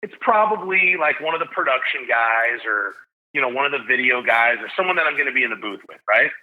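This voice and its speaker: A man, a stadium announcer guest on a podcast, telling stories in an excitable, joking way. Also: medium pitch, a little fast, narrow, tinny audio. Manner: excitable, jokey storyteller. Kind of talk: casual podcast storytelling.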